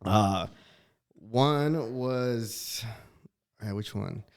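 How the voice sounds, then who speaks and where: Male comedian guest, casual, profane, slangy, mid-pitched, keeps laughing mid-story. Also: extremely slow, smooth.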